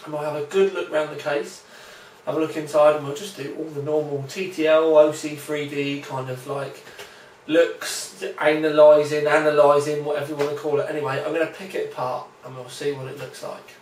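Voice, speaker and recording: A man's voice: fairly high pitch, steady tone, a little fast, a little mellow, slight background noise. Chatty man reviewing a PC case. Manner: chatty, informal, talks while handling the case. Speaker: tech reviewer, host. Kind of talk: casual product review. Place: indoor room. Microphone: handheld camera.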